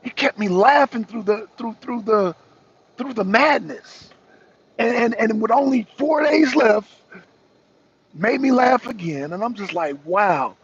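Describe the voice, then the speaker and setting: High-voiced husky man riffing casually. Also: unhurried. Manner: rambling, repeats himself, laughs often, speaks slang. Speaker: talk show host. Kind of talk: casual political commentary to viewers. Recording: dull lo-fi recording.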